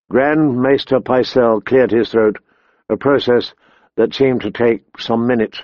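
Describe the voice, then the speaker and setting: A man narrating an audiobook in a slow, measured way. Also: mid-range voice, fairly even intonation, no room sound, highs cut off. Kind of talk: scripted narration.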